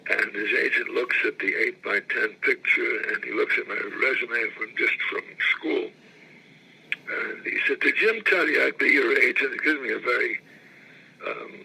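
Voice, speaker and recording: An older man in his eighties recounts his acting days in a gravelly, rough-edged voice with a bright, forward tone. He rambles, circles back to repeat phrases and pauses to clear his throat. A faint hiss of noise sits under the recording. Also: medium pitch, low-quality recording. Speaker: actor recalling his career. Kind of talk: interview anecdotes.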